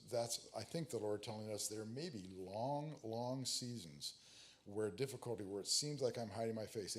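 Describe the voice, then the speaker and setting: Man teaching on prayer, halting and conversational. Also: fairly low pitch. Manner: conversational, halting with fillers and restarts; reads scripture aloud with rising emphasis. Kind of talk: sermon teaching.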